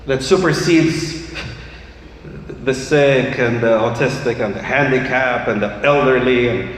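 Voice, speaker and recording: A man giving an impassioned sermon as imam, building up to shouts at times. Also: medium pitch, a little hiss or hum. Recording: echoey hall, faint ambience.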